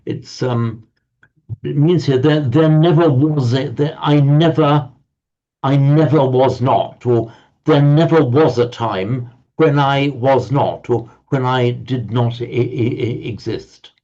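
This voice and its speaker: Slow, halting male teacher. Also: mid-range voice, warm tone, lo-fi sound. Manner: slow, stammering restarts, chanting verses. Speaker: Sanskrit teacher. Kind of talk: online class explanation.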